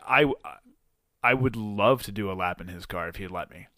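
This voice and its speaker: Joking bearded podcast man, low voice. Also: normal speed, bright, forceful tone, dry recording, studio quality. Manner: joking, rambling, self-deprecating. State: coughing from allergies. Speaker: podcast co-host. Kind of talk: casual chat. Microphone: studio mic.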